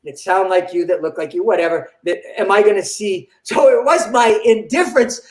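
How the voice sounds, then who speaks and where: An older man, a comedian guest, telling an animated story in an interview and acting out the dialogue. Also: sits high, fairly quick. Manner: animated, acts out quoted dialogue. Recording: roomy echo.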